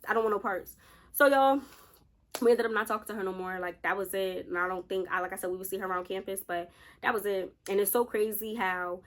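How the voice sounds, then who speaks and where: A woman in her late twenties chats straight to her viewers, telling a storytime in a loose, animated way. She keeps calling them y'all and slips into the voices of the people in the story. Her pitch sits in a middle range for a woman. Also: brisk, slight background noise. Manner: animated, addresses viewers as y'all, acts out quotes. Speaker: storytime vlogger. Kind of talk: casual storytelling to camera.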